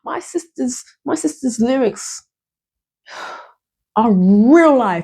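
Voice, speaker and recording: A woman's voice: on the high side, expressive, slow pace, long pauses, a little mellow, husky. A woman singer talking through her experiences in a casual, reflective monologue, earnest and searching, often repeating and restarting her phrases. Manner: earnest, spiritual self-talk. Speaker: singer and vlogger.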